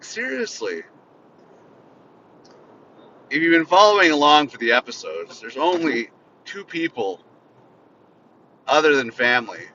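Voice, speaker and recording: A man hosting a podcast from inside a car, bitterly venting in an unscripted, profane solo rant. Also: pushed and bright. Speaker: podcast host. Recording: slightly muffled, faint vehicle rumble.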